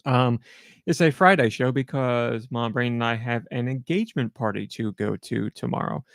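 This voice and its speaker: A man's voice: mid-range voice, moderate pace, creaky, dry recording. A middle-aged man hosting a podcast alone, chatting casually in a rambling, self-deprecating way into a close mic. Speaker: podcast host. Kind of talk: casual solo podcast chat.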